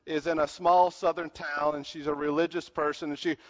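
A man preaching a sermon in a lively style, swinging from loud bursts to quiet asides, from the American South. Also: on the high side, brisk, in a large hall, muffled recording. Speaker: pastor.

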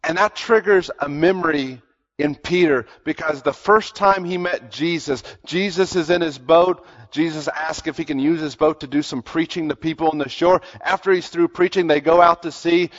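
High-voiced male preacher in echoing hall. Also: normal speed. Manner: earnest, emphatic, repeats words when stressing a point. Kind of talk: sermon storytelling. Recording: long hall reverb, dull lo-fi sound.

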